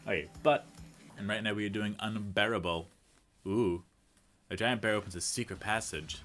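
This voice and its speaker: A man with a lowish voice chats his way through a video game playthrough. He rambles off on tangents and pokes fun at himself as he plays. Faint music plays underneath. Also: fairly even intonation, moderate pace, long pauses, a bit bright. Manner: rambling, chatty, goes off on tangents; self-deprecating, jokey asides. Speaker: let's play commentator. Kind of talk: casual gameplay commentary.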